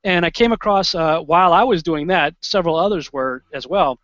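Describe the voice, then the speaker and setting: A fairly high-voiced man talks as a guest, telling his story with excited energy and quick restarts. The sound is dull and lo-fi, with no room in it. He acts out his own reactions as he goes. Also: dry recording. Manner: animated, excitable, with restarts and quoted asides. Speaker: interview guest. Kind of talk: conversational storytelling.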